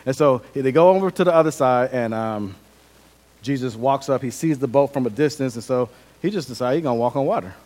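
A man's voice: medium pitch, fairly quick, darkish tone. A man preaching a sermon as pastor, conversational and humorous, acting out scenes and repeating his key points.

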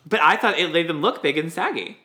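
A woman co-hosting a podcast, recapping a TV episode in a blunt, opinionated and excitable way. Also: sits low, fairly quick. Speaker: podcast co-host. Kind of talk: casual recap chat. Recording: roomy echo.

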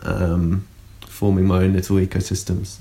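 A man's voice: low voice, completely flat delivery, moderate pace, gravelly, dark tone. A man co-hosting a casual podcast, asking questions and making dry wisecracks.

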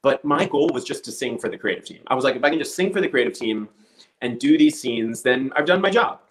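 A man's voice: mid-range voice, quick pace, rough recording. A man telling a story casually, acting out the voices of the people in it. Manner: animated storyteller acting out quotes.

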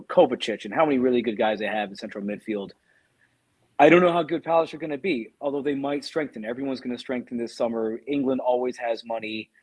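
A man talks through his football opinions at an even pace. His mid-range voice is a little husky, and the sound is dry and close. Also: mid-range voice, no room sound. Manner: steady, opinionated analysis. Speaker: podcast co-host. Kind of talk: casual football chat.

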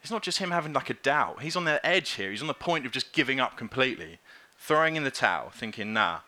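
Man, preacher, casual lively sermon, bright tone, mid pitch. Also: fast. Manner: lively, conversational preaching with acted-out quotes.

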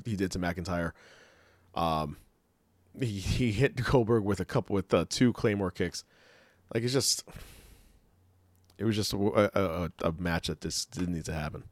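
A man with a low voice talks casually as a podcast co-host. He rambles, laughs often, and leans on fillers. The sound is dry and close, with no room echo. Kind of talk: casual chat.

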